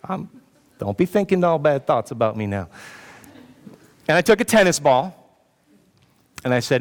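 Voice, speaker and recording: A pastor preaches to his congregation in a large church hall, telling a personal story with self-mocking humor and joking with the audience. His smooth, resonant, slightly high voice has a sing-song quality, moderate pace, and long pauses. The long reverb of the hall is clearly audible.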